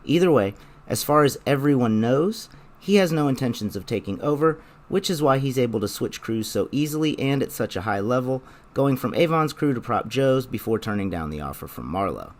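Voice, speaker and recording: A young man narrating a scripted video essay in a measured, explanatory way. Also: medium pitch, very animated.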